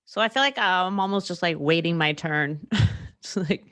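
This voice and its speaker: A young woman with a lowish, fairly bright voice hosts a solo podcast at a moderate pace. She talks candidly and rambles, laughing often and using lots of fillers, in a studio-quality recording with no echo.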